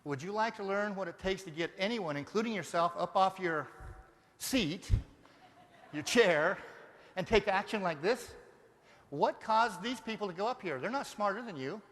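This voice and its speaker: A man from Denver giving a live motivational seminar, energetic and firing rhetorical questions at the audience. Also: high voice, moderate pace. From Denver, Colorado. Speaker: motivational speaker. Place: large seminar hall. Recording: long reverb of a live hall.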